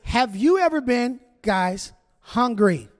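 A man's voice: very high-pitched, lively intonation, takes it slowly. A man preaching a humorous sermon as pastor, joking and chatting directly with his congregation. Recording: long reverb of a large hall.

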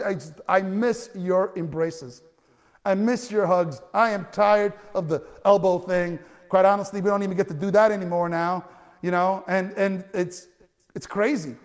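High-voiced preaching man in a reverberant hall. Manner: animated storytelling, rising to loud cries at climaxes, with many restarts. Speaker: pastor. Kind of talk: sermon.

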